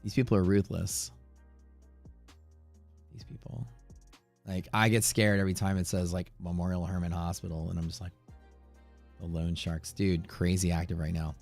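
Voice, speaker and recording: A man's voice: sits low, little pitch movement, quick pace, gravelly, hardly any pauses, a little mellow, soft background music. A man hosting a live day-trading stream, talking in a chatty, rambling way that turns profane at times. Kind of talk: casual live-stream commentary. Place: Houston area.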